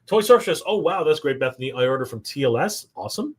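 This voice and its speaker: A man's voice: on the high side, expressive, fast, breathy edge. Upbeat man reading chat on a stream. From Canada. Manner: upbeat, casual, many "uh" fillers. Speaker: livestream host. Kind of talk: live stream chat, reading viewer comments.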